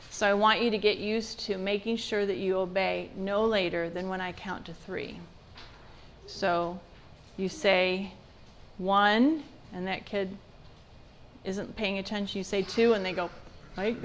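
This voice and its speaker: A woman's voice: medium pitch, a bit bright. A woman giving a church parenting seminar in a conversational way, asking her audience questions. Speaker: parenting class speaker.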